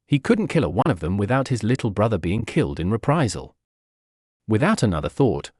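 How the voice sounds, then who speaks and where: A man narrates a fanfiction story as an audiobook, reading dramatically and expressively. His pitch moves freely across a lively range. The voice is dry and close, with no room sound. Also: dry recording.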